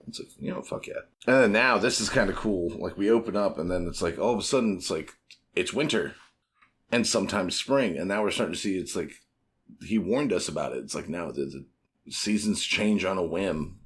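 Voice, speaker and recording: A man, co-hosting a podcast in casual chat, animated, swearing and acting out quotes. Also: deep voice, fairly quick, a little hiss or hum. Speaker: podcast co-host.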